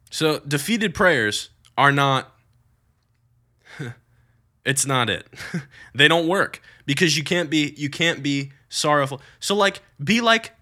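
A man's voice: a little high, bright, forceful tone. A man preaching earnestly to young people about prayer, with emphatic bursts. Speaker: youth preacher. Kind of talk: teaching on prayer.

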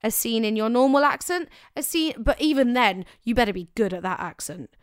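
A woman's voice: a little high, fairly quick, smooth, no echo, studio quality. A young woman co-hosting a casual talk show, giving acting advice in an emphatic, chatty way that often corrects itself. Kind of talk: casual chat.

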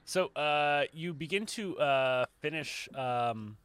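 A man narrating as game master of a tabletop game, halting with many fillers. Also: fairly high pitch, a bit bright, slight background noise.

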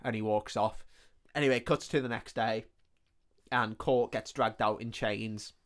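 A man co-hosting a podcast, retelling a film's plot in a casual, animated way, full of swearing and "like" fillers. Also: fairly low pitch, moderate pace. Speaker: podcast co-host. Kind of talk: casual film recap chat.

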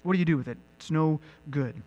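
A man preaching a sermon as pastor, animated and building to emphatic peaks. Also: on the high side, fast, lo-fi sound. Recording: long reverb with mains hum.

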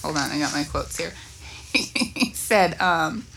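A woman's voice: low voice, lively intonation, takes it slowly, vocal fry, a bit bright, husky. A woman chatting casually, laughing often and reading out favorite quotes. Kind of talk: casual chat.

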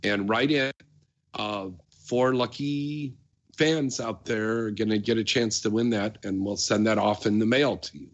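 A man's voice: lowish voice, steady tone, unhurried. A man hosting a radio show, talking casually in a chatty, rambling way with many fillers. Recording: dull lo-fi sound.

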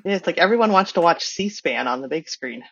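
A woman with a husky voice, cracking dry quips and laughing on a casual movie podcast. Her audio comes through dull and lo-fi. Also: on the low side, expressive, a little fast, no echo. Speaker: podcast co-host.

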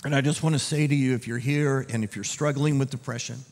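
A man preaching a conversational sermon as a pastor, dropping to a hushed, gentle tone and then rising into loud, urgent appeals. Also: mid-range voice, steady tone, quick pace, long reverb tail, a little hiss or hum. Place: church auditorium.

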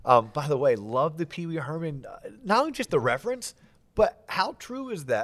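Middle-aged guy hosting a podcast, kinda high voice, lively, jokes about himself. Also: normal speed. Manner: animated, joking, self-deprecating. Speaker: podcast host. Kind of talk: casual interview chat.

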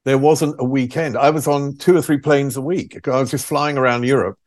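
A man's voice: medium pitch, fairly even intonation, a little fast, dry recording. Older male guest, candid storyteller, self-deprecating, dry close sound. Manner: frank, self-deprecating, laughs at his own stories. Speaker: former music TV presenter, guest.

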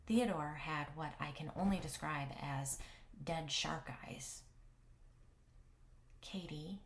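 A woman tells her own paranormal encounter in a low, confiding voice. She keeps things hushed and close, often slipping into a whisper for effect. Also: unhurried. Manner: hushed, intimate telling with whispered asides. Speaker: paranormal blogger and storyteller. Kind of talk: first-person story narration.

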